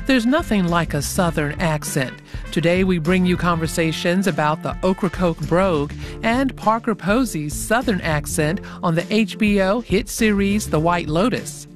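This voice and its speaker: Low-voiced woman hosting a radio show. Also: expressive, normal speed, over music.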